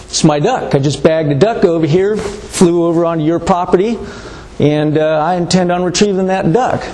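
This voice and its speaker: A man's voice: a little high, moderate pace, dark tone, a little hiss or hum, close to an everyday voice. A man voicing a cocky, self-assured big-city male lawyer who talks in an indignant way. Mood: insistent.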